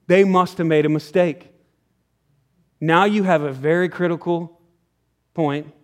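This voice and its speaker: A man preaching a sermon in church, telling a story with acted-out dialogue and sudden drops to a near whisper. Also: high voice. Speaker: pastor. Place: church sanctuary.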